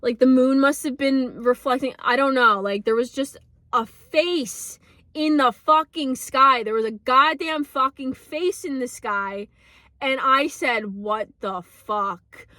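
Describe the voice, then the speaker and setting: A woman's voice: sits high, a little slow, bright, forceful tone, dry recording, studio quality. A young woman telling a personal story in a casual, emotional way, with lots of fillers, swearing and nervous laughs. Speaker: vlogger.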